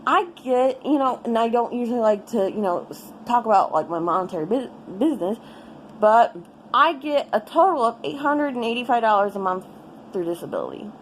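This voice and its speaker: A young woman with a fairly high voice vents in a casual personal update, rambling and cursing as she goes. A faint hum of room noise sits under her speech. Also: lively intonation, a little fast, poor audio. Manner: rambling, frustrated, swears freely. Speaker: vlogger.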